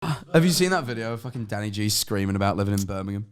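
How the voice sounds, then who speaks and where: British dude talking fast, swears constantly, casual chat. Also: male voice, lowish voice, animated, clean tone. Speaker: guest.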